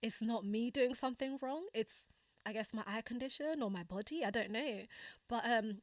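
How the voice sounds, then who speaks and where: A woman's voice: no room sound, studio quality. A young woman hosting a livestream, casually telling a personal story with many fillers, laughs and acted-out quotes. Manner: chatty, laughing often, frequent fillers and asides; acts out quoted dialogue in a higher voice. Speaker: channel host.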